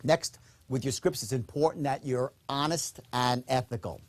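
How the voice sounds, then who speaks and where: A man lectures on sales technique in a recorded course. His delivery is emphatic and direct, with a mid-range voice. He often pauses to check in with a quick "okay?" before pushing on. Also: mid-range voice. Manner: acts out upbeat and dull tones in demonstrations. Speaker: sales trainer.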